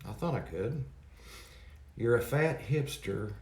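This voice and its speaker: A parody video maker complains casually to camera, sounding exasperated and rambling as he reads out viewer comments. His mid-range voice is animated, slow and a little mellow, recorded in an echoey room with background noise.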